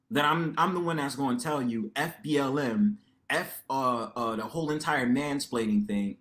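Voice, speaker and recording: Loud, expressive man hosting a livestream. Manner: loud and expressive, lively pitch swings; slangy, many rhetorical tags. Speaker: livestream panel host. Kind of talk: casual livestream monologue.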